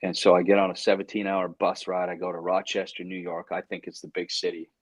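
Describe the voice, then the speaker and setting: With a deep voice and fast delivery, a male actor guest on an interview show tells an animated story, performing his own inner monologue. He stammers and restarts frequently when excited; the recording is dry and the audio poor.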